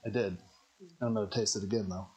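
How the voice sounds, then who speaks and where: A man's voice: fairly low pitch, steady tone, fast talker, darkish tone, slightly rough, poor audio. A man co-hosting a casual cooking podcast at home, telling jokes and laughing often. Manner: joking storyteller, laughs often. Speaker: podcast co-host. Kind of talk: casual chat while cooking. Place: home kitchen.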